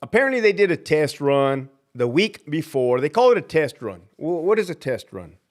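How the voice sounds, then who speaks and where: A very animated man talking at normal speed hosts a livestream as a prison guard, blunt, fired-up and profane. He acts out the people he quotes with big jumps in pitch.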